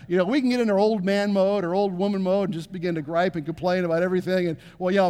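A man's voice: sits high, fast talker, a little mellow, clean tone, long reverb tail. A middle-aged man preaching a sermon as pastor, earnest, repeating phrases and asking the congregation to respond. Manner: earnest, repeats phrases, asks the crowd to answer. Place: church sanctuary.

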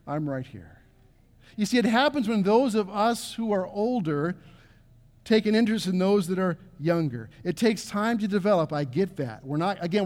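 A man's voice: high voice, a little mellow, in a large hall. A middle-aged man preaching a sermon as pastor, earnest, repeating phrases and asking the congregation to respond. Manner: earnest, repeats phrases, asks the crowd to answer. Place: church sanctuary.

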